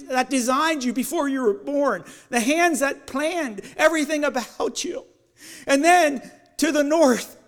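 A man giving an evening sermon as a lay preacher, leading listeners through guided imagery that builds and then softens. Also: very high-pitched. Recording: long church hall reverb.

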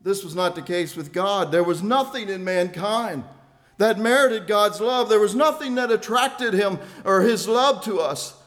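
A man preaching a sermon in an earnest, deliberate way, repeating key phrases for weight. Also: sits high, lively intonation, fairly bright tone.

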